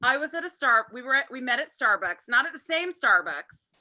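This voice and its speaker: A woman's voice: high voice, sing-song, brisk, pushed and bright, poor audio. A woman hosting a viewing party over a video call, chatting casually and trailing off mid-thought. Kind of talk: casual chat.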